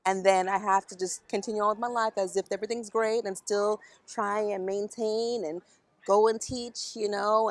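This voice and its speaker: A woman's voice: mid-range voice, no echo. A middle-aged woman speaking frankly and emotionally outdoors in a park, blunt and sometimes swearing, about her own struggles. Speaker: interviewee. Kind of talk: candid conversation.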